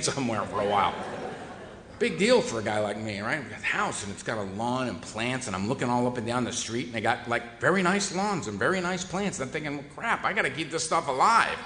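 A man's voice: mid-range voice, animated, fast talker, pushed and bright, slight background noise. A man giving a humorous recovery talk, wry and self-deprecating, to a meeting hall. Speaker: recovery speaker. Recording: echoey hall with long reverb.

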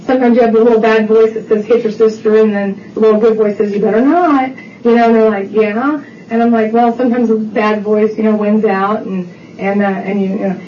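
A woman's voice: medium pitch, dark tone, a little hiss or hum. A middle-aged woman shares her personal testimony at a recovery meeting, rambling and full of fillers. She is picked up from a distance in a roomy, echoing space. The sound is muffled and dull. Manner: chatty storytelling with many fillers.

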